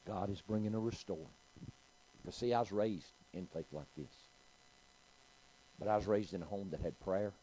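A man's voice: lowish voice, moderate pace, long pauses, warm tone, slight background noise, low-quality recording. A middle-aged man, preaching a sermon and telling a story, calling out to his congregation. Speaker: pastor.

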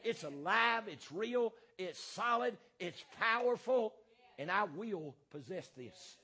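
A man preaching a fiery sermon as pastor, hammering points through repetition and filling pauses with "uh" and "um". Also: high voice, animated, gravelly, bright, forceful tone, breathy edge.

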